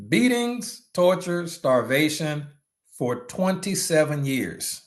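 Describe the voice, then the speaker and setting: A man giving a preachy motivational talk with a fairly high, very lively voice that swings up and down. He mixes in slangy asides and breaks into sudden shouts. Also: normal speed, pauses often. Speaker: leadership trainer for network marketers.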